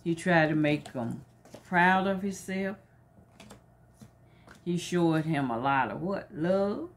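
A low-voiced woman reads a picture book to children at a slow, patient pace. She stops often to ask them coaxing questions and waits for their answers. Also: animated, a little hiss or hum. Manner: coaxing, asking leading questions. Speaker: teacher reading to children. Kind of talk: storybook read-aloud with questions to children.

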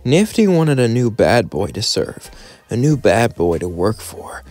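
A man's voice: lowish voice, sing-song, a little slow, darkish tone. A young man telling a fan story in a rambling, casual way. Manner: rambling, run-on sentences.

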